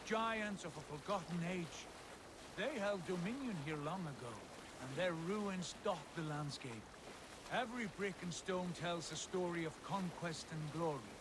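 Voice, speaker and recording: A man's voice: high-pitched, measured pace, noisy background. A man voicing a proud Norse jarl in a video game, speaking in a solemn, commanding way. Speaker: game character. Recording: game audio over loud music. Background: game music.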